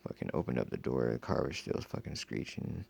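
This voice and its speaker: Gravelly deep-voiced man, rambling and profane. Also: animated, fairly quick, a little mellow. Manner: rambling, profane, lots of fillers. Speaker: storyteller. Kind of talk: casual first-person account.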